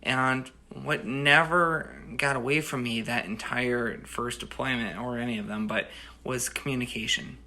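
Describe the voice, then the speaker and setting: Gravelly man telling a rambling story. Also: mid-range voice, steady tone, unhurried, pushed and bright. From United States. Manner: rambling, with frequent restarts and "you know". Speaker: storyteller and host. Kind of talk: casual spoken storytelling.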